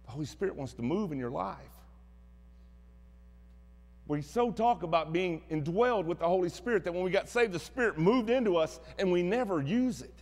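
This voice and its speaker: A man's voice: sits high, a little mellow, long reverb tail. A man with a Southern American accent preaching a sermon as pastor, telling stories in a folksy, plainspoken way. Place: church sanctuary.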